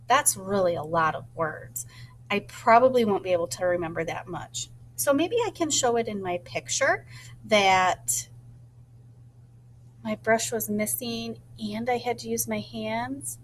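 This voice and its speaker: A woman teacher thinking aloud in a gentle voice and slowly sounding out words as she models a writing lesson for young children. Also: a little high, lively intonation, a little hiss or hum. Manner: slow, deliberate sounding-out of words.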